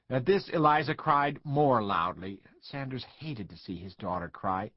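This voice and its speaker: A man narrating an audiobook in an expressive, measured way, close to the mic. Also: on the low side, no echo, dull audio. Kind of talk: scripted narration.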